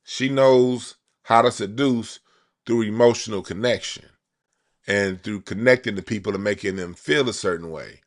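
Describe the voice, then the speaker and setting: A man's voice: on the low side, normal speed. A man hosting a casual card-reading monologue, talking in loose slang with frequent restarts and repeated words. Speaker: card reader, channel host.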